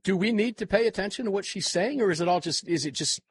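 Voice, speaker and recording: A man hosting a panel talk show, animated and quick to laugh along, handing off to his guests. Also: high voice, breathy edge, no room sound.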